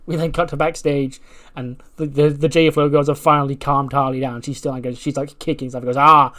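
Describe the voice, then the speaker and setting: A man's voice: mid-range voice, level tone, a little fast. A man casually narrating a wrestling management game, rambling with lots of fillers. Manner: rambling, lots of "like" and "you know". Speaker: let's play narrator.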